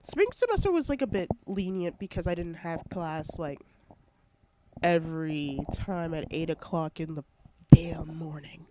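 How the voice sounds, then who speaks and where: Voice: mid-range voice, lively intonation, moderate pace, very noisy. A young adult college student vlogging from home on a headset mic, rambling casually with lots of fillers and a stuffy, sniffly nose. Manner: rambling, heavy on fillers, self-interrupting. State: congested and sniffling. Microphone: headset microphone.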